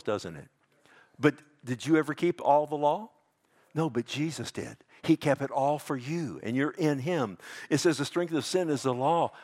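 A man preaching a sermon, calling his listeners "loved one", dropping to hushed tones and rising to loud emphatic peaks, with frequent restarts. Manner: swings between hushed lows and loud emphatic highs; addresses listeners as "loved one", asks "amen?". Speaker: pastor.

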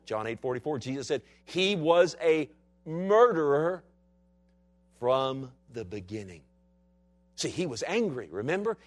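A man preaching a sermon in a dramatic style. His voice sits at a middling pitch and keeps swinging from forceful, urgent passages to quiet, intense ones. He acts out the voices of the people he quotes. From Texas. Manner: dramatic preaching with wide swings from loud to hushed. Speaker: pastor.

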